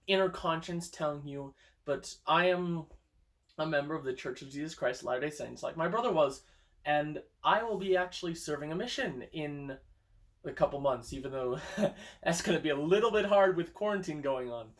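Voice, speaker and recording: A young man chatting casually while playing guitar in a room at home, thinking aloud with hesitant restarts, recorded on a phone. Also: fairly high pitch. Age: young adult. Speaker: amateur songwriter streaming a guitar session.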